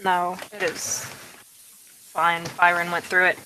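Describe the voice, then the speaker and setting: A woman runs a tabletop game as game master, narrating in a lowish voice. She talks slowly and haltingly, stopping often on fillers as she works out what to say. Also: flat delivery, bright, forceful tone, slight background noise, rough recording. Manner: slow, halting, with many fillers.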